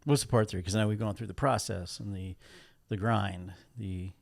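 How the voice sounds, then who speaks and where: A man co-hosting a podcast in casual chat, with a gravelly voice and dry, teasing asides. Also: fairly low pitch, steady tone, moderate pace. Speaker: podcast co-host.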